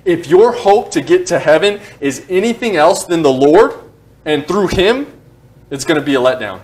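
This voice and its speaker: A male pastor in his thirties preaching a sermon in a church, animated and quick to joke at his own expense. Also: on the high side. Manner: joking, animated, self-deprecating asides. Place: church sanctuary.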